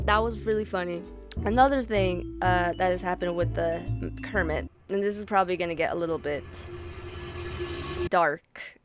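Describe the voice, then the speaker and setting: A woman's voice: mid-range voice, normal speed, over music. A young woman artist chatting in a casual storytime vlog, full of "like" and "dude", laughing often. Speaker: artist vlogger.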